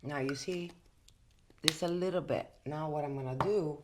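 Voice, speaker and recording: A woman's voice: sits low, moderate pace, very noisy. A woman from Italy with an Italian accent, chatting casually in a makeup vlog from her bedroom, emphatic and full of fillers. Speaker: host.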